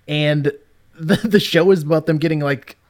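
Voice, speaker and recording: A man co-hosting a casual movie podcast, animated and laughing often as he runs through film lists. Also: fairly high pitch, normal speed. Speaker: podcast co-host.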